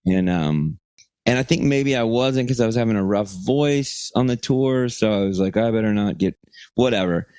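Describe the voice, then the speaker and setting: A man's voice: lowish voice, moderate pace, dry recording. A man tells a rambling, profane story on a podcast, acting out the quotes as he goes. The sound is close and dry, with no room around it. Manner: rambling, profane, animated retelling with voiced quotes. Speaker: podcast co-host. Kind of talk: casual storytelling chat.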